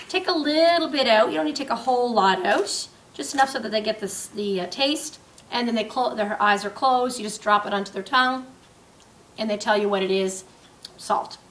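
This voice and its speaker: A woman teaching a clinical skills demonstration, explaining step by step with frequent pauses and fillers. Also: on the high side, pushed and bright, a little hiss or hum. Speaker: nursing instructor. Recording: roomy, distant mic with faint ambience.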